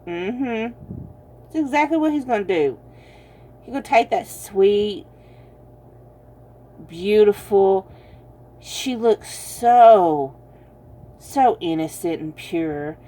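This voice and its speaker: A woman's voice: medium pitch, expressive, takes it slowly, pauses often, warm tone. A woman giving a casual tarot card reading, chatty and teasing, laughing often and calling her viewers y'all. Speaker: tarot reader.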